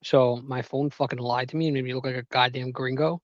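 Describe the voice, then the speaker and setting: A man's voice: medium pitch, steady tone, quick pace, no echo, muffled recording. A man in his thirties co-hosting a podcast, casual and joking, laughing and swearing as he tells stories. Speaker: podcast co-host. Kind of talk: casual chat.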